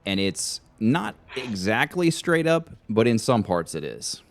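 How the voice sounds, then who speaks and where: A man's voice: on the low side, very animated, a little slow. A man narrating a tabletop game as game master, casually describing scenes. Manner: casual, descriptive, repeats words.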